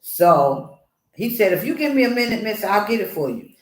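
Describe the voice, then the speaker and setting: A woman author telling a personal story in an animated way, acting out the voices of the people in it. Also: mid-range voice, normal speed, echoey room, low-quality recording. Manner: expressive, acts out voices in her story. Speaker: author guest.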